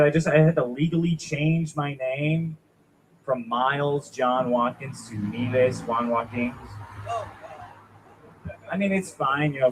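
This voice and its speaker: A man's voice: medium pitch, slight background noise, rough recording. A young man doing a rambling, self-deprecating stand-up set at a small open mic, chatting with the crowd. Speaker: stand-up comic.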